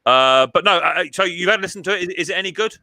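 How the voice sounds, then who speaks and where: Bright-voiced man hosting a stream. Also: high-pitched, racing, rough recording. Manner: chatty, stammers and repeats words. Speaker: live stream host. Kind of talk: casual live stream chat.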